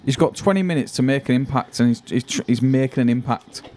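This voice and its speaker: Fast-talking blunt man. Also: mid-range voice, a little mellow. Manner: blunt, quick-fire, swearing. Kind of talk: casual football watchalong chat.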